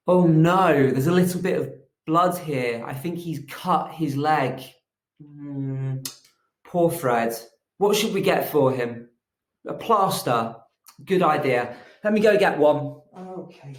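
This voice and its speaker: A man teaching a phonics lesson to young children, telling a gentle, animated story. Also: a little high. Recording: echoey room.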